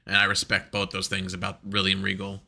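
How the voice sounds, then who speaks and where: A man co-hosting a podcast in casual chat, talking excitedly and profanely and acting out quotes as he goes. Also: low voice, a little fast, vocal fry. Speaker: podcast co-host.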